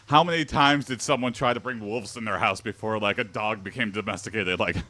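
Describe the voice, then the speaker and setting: A man's voice: lowish voice, fairly quick, sharp tone, no echo. A young man streaming and chatting casually, rambling with many fillers. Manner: rambling, filler-heavy, lots of likes. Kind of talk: casual chat reacting to text-to-speech donations.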